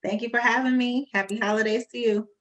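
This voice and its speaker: A woman's voice: fairly high pitch, fairly even intonation, quick pace, fairly bright tone, highs cut off. A woman who runs a bookkeeping business, a podcast guest, talking in a friendly, casual way with fillers.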